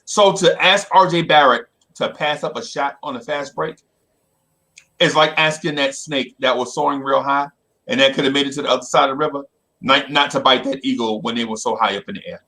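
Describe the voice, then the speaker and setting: A man hosting casual sports talk, telling a story in an animated way and checking in with "right?" again and again. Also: medium pitch, fairly quick. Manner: animated, keeps repeating "right?".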